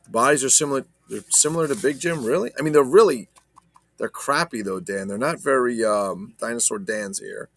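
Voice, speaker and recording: A man's voice: mid-range voice, fairly quick, a bit bright, no echo. A man casually chatting about his toy collection, rambling and swearing as he talks to viewers. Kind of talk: casual unboxing chat.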